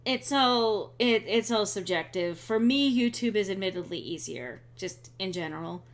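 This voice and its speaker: A young woman chats through a game stream with a sarcastic edge, filling pauses with ums. Her voice sits at a middle pitch and stays casual. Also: expressive. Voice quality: chatty and sarcastic, with frequent ums. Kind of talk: casual let's-play chat.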